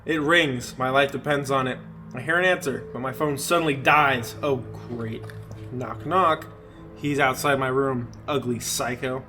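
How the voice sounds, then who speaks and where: A man's voice: medium pitch, fairly even intonation, unhurried, sharp tone, faint music behind. A young man co-hosting a podcast, reading a horror story aloud with hammy emphasis and bursts of laughter. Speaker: podcast co-host.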